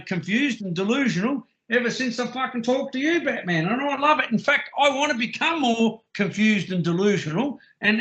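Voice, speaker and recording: Mocking, high-voiced man. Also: sharp tone. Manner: mocking, profane, sarcastic. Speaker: caller on a group call. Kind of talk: heated argument on a voice call.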